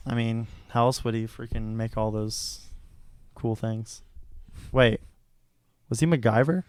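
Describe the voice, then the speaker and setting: A young man hosting a casual podcast chat, excitable, laughing often and swearing casually. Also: medium pitch, measured pace, smooth, dry recording. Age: young adult. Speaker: podcast host.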